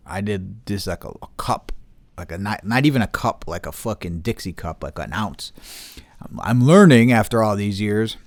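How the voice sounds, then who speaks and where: A man's voice: lowish voice, dry recording, clean studio sound. A man telling a story in casual podcast chat, profane, heated and rambling. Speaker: podcast host.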